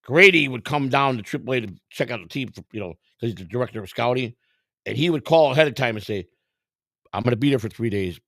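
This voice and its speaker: A middle-aged man with a gravelly, rough-edged voice tells stories casually, swearing freely and acting out the people in them. He sounds close and dry, with no room around him. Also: medium pitch, fast talker, no echo. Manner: profane, animated, acts out quotes. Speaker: storyteller, former clubhouse worker. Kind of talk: casual storytelling.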